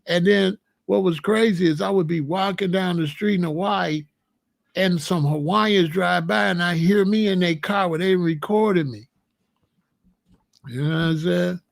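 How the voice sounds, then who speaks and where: A middle-aged American man hosting his own show, telling stories in an animated, rambling way and repeating phrases as he goes. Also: high-pitched, measured pace, gravelly, no room sound. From United States. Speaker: host. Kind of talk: casual storytelling chat.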